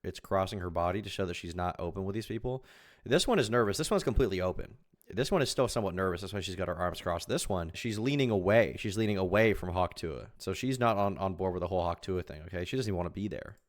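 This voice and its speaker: A man's voice: sits low, quick pace. A young man commenting on a live stream, wry and rambling with sarcastic asides. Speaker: live streamer reacting to clips.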